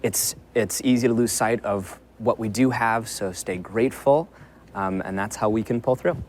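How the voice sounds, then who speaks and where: A voice actor on a panel, speaking earnestly and warmly from the heart. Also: male voice, fairly low pitch, normal speed, slight background noise. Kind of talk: panel chat.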